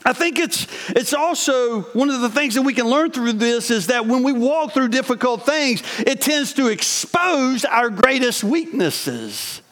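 A man's voice: extremely high pitch, lively intonation, unhurried, few pauses, fairly bright tone. A man preaching a sermon, reading scripture aloud and breaking into earnest, conversational asides. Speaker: pastor. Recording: long hall reverb.

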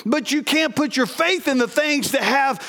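High-voiced pastor preaching in a reverberant church. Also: male voice, normal speed. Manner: lively, conversational storytelling with asides to the congregation. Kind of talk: sermon. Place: church sanctuary. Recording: long hall reverb from a church sanctuary.

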